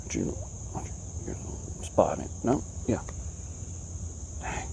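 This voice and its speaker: A man from Alabama, chatting to the camera from a kayak and talking excitedly to the fish he catches. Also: slow pace, a little hiss or hum. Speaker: fishing vlogger. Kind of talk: casual talk to camera while fishing. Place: kayak on a creek outdoors.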